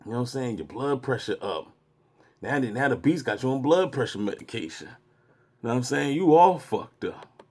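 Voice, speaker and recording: A man's voice: mid-range voice, animated, normal speed, darkish tone. A man hosting, giving loose, profane, slangy commentary on a clip he is replaying. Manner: loose, slangy, heckling interjections. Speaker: host reacting to a clip.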